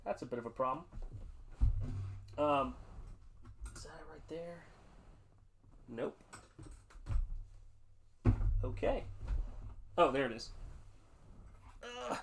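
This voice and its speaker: A middle-aged American man hosts a casual livestream, painting while he chats and reads viewer comments aloud in a chummy, rambling way full of restarts. His mid-range voice is a bit bright, slow, and pause-heavy, with slight background noise.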